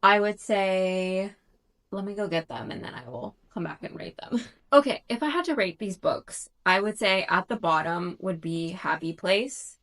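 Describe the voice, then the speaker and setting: A woman's voice: medium pitch, animated, moderate pace, fairly bright tone. A thirty-year-old woman chatting casually in a reading vlog, talkative and self-conscious, with frequent fillers and restarts. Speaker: book vlogger.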